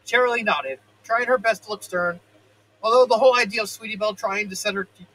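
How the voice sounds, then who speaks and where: A man's voice: sits high, a little fast, background noise. A man in his thirties reading fan fiction aloud, often stumbling, correcting himself and breaking into joking asides. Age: 30s.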